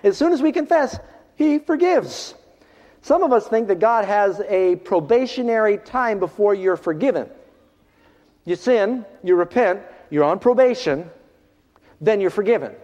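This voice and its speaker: A man preaching a sermon to a congregation, swinging from loud, ringing passages to hushed ones. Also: high voice, expressive, a little slow. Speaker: pastor. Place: large hall, in front of a congregation. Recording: dull lo-fi recording in a reverberant hall.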